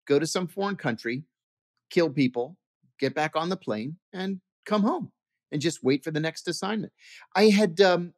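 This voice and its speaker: Recorded dry with studio quality, this slightly high male voice belongs to an interview guest who used to work for the CIA. He answers by telling stories, performing quoted lines and frequently starting over.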